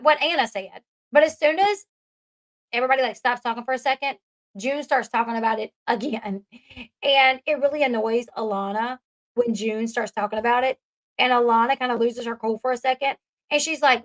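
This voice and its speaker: Chatty high-voiced woman recapping a show. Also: brisk. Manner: chatty, laughs at the scenes she retells. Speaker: commentary host. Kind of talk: casual recap of a reality show.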